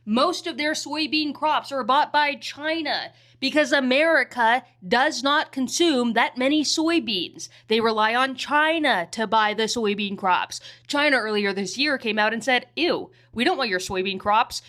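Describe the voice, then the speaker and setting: A woman's voice: high-pitched, a little slow, hardly any pauses, fairly bright tone. A woman giving sarcastic political commentary in a scornful, mocking manner.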